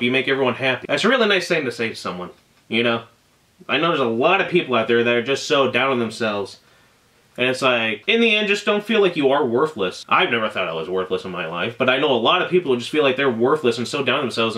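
A man's voice: fairly high pitch, sharp tone. A young man reviewing an anime in a casual, emotional, rambling way, full of fillers and exclamations.

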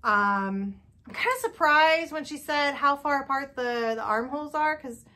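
In a high-pitched, sharp voice that runs a little slow, a woman hosts her knitting video. She talks to camera casually but nervously, doubting herself and dropping in plenty of fillers.

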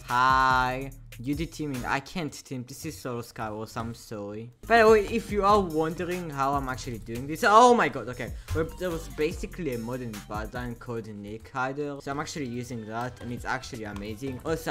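A young man giving loud, slangy gameplay commentary, yelling and laughing as he plays. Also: medium pitch, animated, normal speed, hardly any pauses, soft background music. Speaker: gaming YouTuber.

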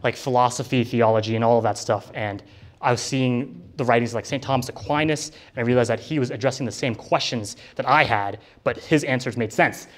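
A young man tells his story to a live audience in an easygoing, earnest way. His voice sits at an ordinary middle pitch, and he keeps filling gaps with "like" as he acts out the things he once said. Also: a little fast. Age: young adult. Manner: casual, heavy use of "like" fillers; earnest storytelling, reenacting his own past words. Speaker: speaker giving a personal testimony. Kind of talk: personal conversion testimony to a live audience. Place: college campus ministry center.

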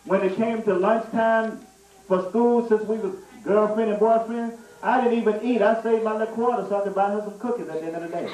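A man preaching a storytelling sermon, animated and laughing through a comic story. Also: high-pitched, fairly quick. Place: church sanctuary. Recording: echoey church room, mic at a distance.

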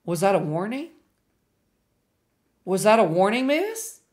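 A woman's voice: mid-range voice, expressive, a little slow, darkish tone. A young woman streaming a horror game live, chatting with viewers and shrieking when scared.

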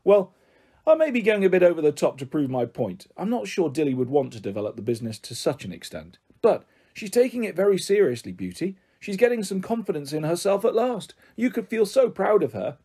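A man's voice: high-pitched, big pitch swings, fairly quick, warm tone, slightly rough, exaggerated voice. A man reading the part of a kind, patient older man who talks in a coaxing, reassuring way. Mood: persuasive. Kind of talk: audiobook character voice.

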